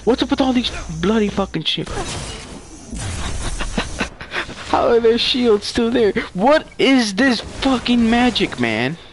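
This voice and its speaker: A man's voice: very high voice, expressive, unhurried, few pauses. Swearing, ranting man over noisy gameplay. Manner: profane, frustrated ranting and taunting. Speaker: gamer playing online. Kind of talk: live gameplay commentary.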